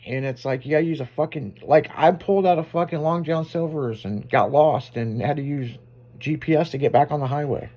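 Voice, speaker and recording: A man's voice: fairly high pitch, dark tone. Profane, laid-back male radio host. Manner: loose, profane, quick to laugh. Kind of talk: casual chat.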